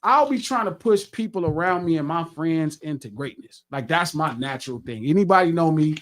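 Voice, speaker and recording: A middle-aged man with a fairly high voice tells a story on a podcast. He talks in a relaxed, profane way and acts out his own lines with energy. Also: a little fast. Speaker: podcast host. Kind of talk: casual storytelling chat.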